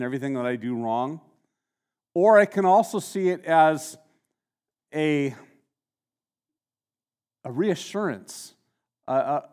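A man preaching a sermon in a conversational way, slowing down to stress key words and often restarting his sentences. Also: a little high. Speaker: pastor.

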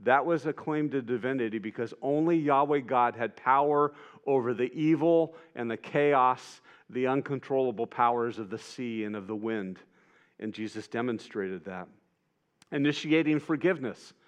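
Man, preacher, sermon, conversational, animated, acts out quotes. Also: medium pitch, moderate pace, muffled recording.

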